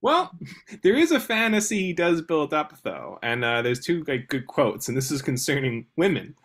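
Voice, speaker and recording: Talking about a novel on a podcast, this man has a fairly high voice and a moderate pace. The conversation is casual and animated, though he hesitates a lot, restarts often, uses plenty of fillers and sometimes reads passages aloud.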